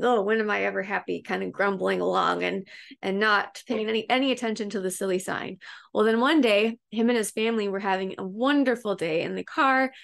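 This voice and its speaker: A woman who hosts a self-help group talks casually to her viewers. She wanders through a story she has read, restarting her sentences and filling pauses as she goes. Her mid-range voice carries a noticeable gravelly vocal fry. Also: medium pitch. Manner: chatty and meandering, with fillers and restarts. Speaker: self-help coach and host. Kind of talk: casual retelling of a book story to an online group.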